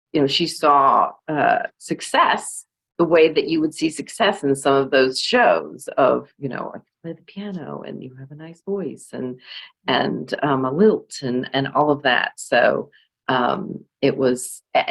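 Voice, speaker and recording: A woman's voice: sits low, animated, unhurried, gravelly, slightly rough, low-quality recording. An American woman from California with a slight Southern drawl, speaking reflectively as an author guest on a video call, hesitant with many fillers and restarts. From California, USA. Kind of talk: reflective conversational talk.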